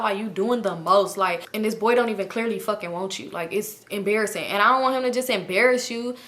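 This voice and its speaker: A woman telling a casual storytime, animated and full of fillers and swearing, acting out what her friends said. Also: medium pitch, brisk, few pauses. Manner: animated, acts out quotes of friends; chatty with frequent fillers and swearing. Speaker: storytime vlogger.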